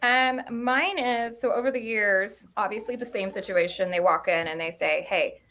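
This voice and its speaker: A woman's voice: medium pitch, moderate pace, sharp tone. Matter-of-fact woman shop owner. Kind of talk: casual panel chat.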